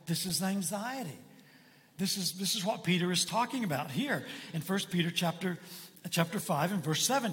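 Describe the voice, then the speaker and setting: A man's voice: high-pitched, moderate pace, big-room sound. A man preaching a sermon as pastor, talking in a folksy, conversational way with frequent asides to the congregation.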